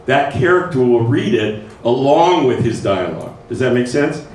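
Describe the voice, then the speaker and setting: A man's voice: mid-range voice, darkish tone. A man presenting a writing workshop in a conversational lecture style, often checking in with his listeners. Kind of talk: informal lecture to a writing group. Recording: echoey room, faint noise, mic far off.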